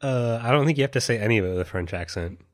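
A man co-hosting a podcast, speaking in a dry, deadpan way. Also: medium pitch, rapid-fire, no echo. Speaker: podcast co-host. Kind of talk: casual chat and comic sketch.

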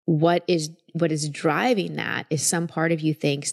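A woman hosting a podcast, calmly explaining and guiding a guest through a coaching conversation. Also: low voice, measured pace, vocal fry. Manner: calm, explanatory, reassuring.

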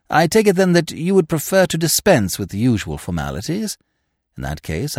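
A man voicing an unflappable young gentleman who speaks in a languid, elaborately polite way. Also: medium pitch, gravelly, dry recording, clean studio sound, heavily acted. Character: suave young man, unflappable, verbose, whimsical.

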